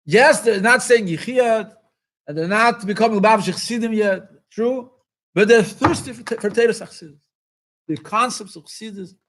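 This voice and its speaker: A rabbi speaking at a farbrengen, impassioned, repeating phrases for emphasis and rising to exclamations. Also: male voice, sits high, normal speed, fairly bright tone, slight background noise. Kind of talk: farbrengen talk.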